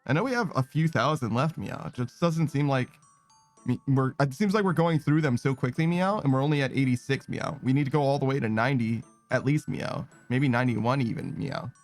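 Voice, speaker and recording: A young man chats loosely over a game stream, his voice at an ordinary middle pitch. He drifts from thought to thought, swears offhandedly and slips a little "meow" onto the end of almost every sentence. Soft music plays faintly behind him. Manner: tacks a quick "meow" onto nearly every phrase; rambling, laid-back, swears casually. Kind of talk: casual gaming stream chat.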